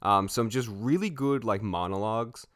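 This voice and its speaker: A man's voice: lowish voice, normal speed, a bit bright, dry recording, clean studio sound. A young man co-hosting a casual movie review chat, laid-back, swearing freely and laughing often. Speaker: podcast co-host.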